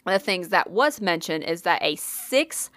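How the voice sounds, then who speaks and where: A woman's voice: lowish voice, animated, unhurried, fairly bright tone, no echo. A woman co-hosting a podcast, telling a ghost story in casual chat, swearing freely and using lots of fillers.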